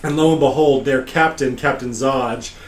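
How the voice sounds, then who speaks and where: A man's voice: medium pitch, moderate pace, a little hiss or hum. A man hosting a podcast, recapping a tabletop game session in casual chat, rambling with many fillers. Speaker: podcast host.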